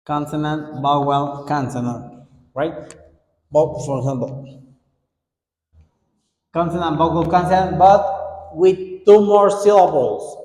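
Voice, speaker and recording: Slow, deliberate male English teacher. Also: a little high, fairly even intonation, darkish tone. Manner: slow, deliberate drilling, repeating words for students. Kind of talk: online English grammar lesson. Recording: echoey room with long reverb.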